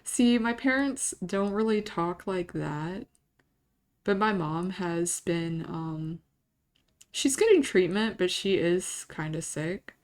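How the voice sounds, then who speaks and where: A woman's voice: lowish voice, animated, takes it slowly. Rambling, emotional woman streamer. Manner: rambling, emotional, self-interrupting, laughs often. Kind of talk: casual chat to a live audience.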